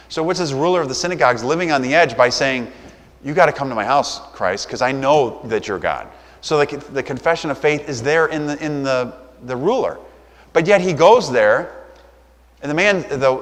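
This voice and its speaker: A man's voice: medium pitch, fairly bright tone. A man preaching a sermon as a pastor, speaking in a loose, conversational way and briefly acting out the voices of the people in his story. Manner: conversational, acts out quoted voices. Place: church. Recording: reverberant church hall.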